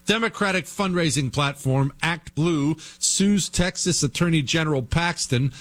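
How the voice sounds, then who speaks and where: A man's voice: on the high side, normal speed, hardly any pauses. A man hosting a commentary show, reading headlines with mocking, sarcastic remarks. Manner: mocking, sarcastic, animated delivery. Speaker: host.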